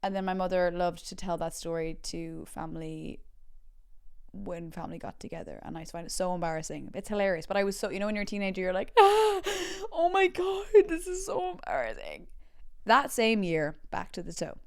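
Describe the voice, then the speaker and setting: A young woman with an Irish accent, a podcast host telling a comic story in a chatty, animated way and acting out quotes with big jumps in pitch. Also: brisk, clean tone. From Ireland.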